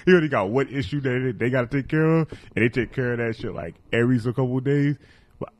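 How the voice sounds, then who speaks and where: A young man co-hosting a podcast, telling profane stories about celebrity gossip and laughing loudly. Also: mid-range voice, fast. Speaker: podcast co-host. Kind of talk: crude casual banter.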